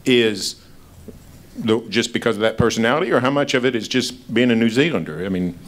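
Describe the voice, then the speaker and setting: A man's voice: medium pitch, expressive, a little fast. A male newspaper reporter asking long, wordy questions at a press event and restarting them as he goes.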